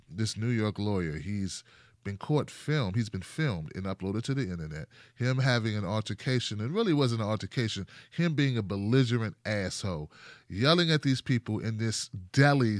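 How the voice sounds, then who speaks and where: A man hosting a casual commentary show, talking in an animated, sarcastic way with rhetorical questions and mock conversations. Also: mid-range voice, no echo, clean studio sound. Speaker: host.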